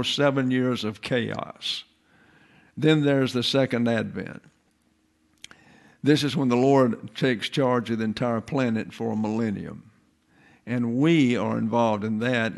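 A pastor in his eighties preaches from the pulpit in a gravelly, medium-pitched voice. His teaching comes slowly and deliberately, dotted with folksy, homespun asides.

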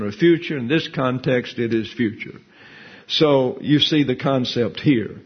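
Male Bible teacher, mid-pitched and a bit raspy, methodical lecture delivery; muffled low-fidelity recording. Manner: methodical, explains Hebrew grammar terms step by step; reads scripture and quotes from grammar books. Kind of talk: expository Bible lesson. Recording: dull lo-fi recording.

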